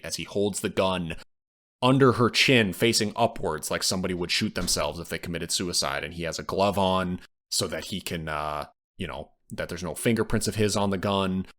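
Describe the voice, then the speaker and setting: A man's voice: deep voice, fairly quick, a bit bright. A man co-hosting a podcast, casually retelling film scenes and acting out the quoted lines. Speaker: podcast co-host. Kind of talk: casual film review chat.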